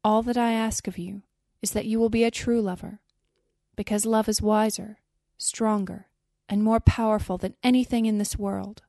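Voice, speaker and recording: A woman's voice: mid-range voice, fairly even intonation, normal speed, mellow, dry recording, clean studio sound, lightly acted. A woman voicing a small, devoted female nightingale in a storybook reading, earnest and pleading.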